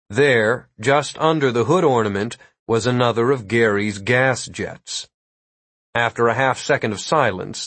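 A man narrating a comic fantasy audiobook in a steady, wry storytelling manner. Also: mid-range voice, dry recording.

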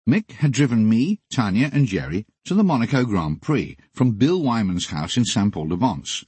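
An older man narrating his memoir in a wry, deadpan comic style. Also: lowish voice, breathy edge, no room sound.

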